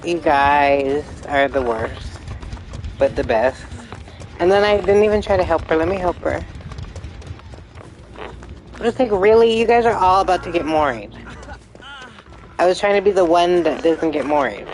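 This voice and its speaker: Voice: mid-range voice, normal speed, slight background noise, rough recording. A live streamer chatting casually and rambling through gameplay commentary, sometimes swearing when frustrated.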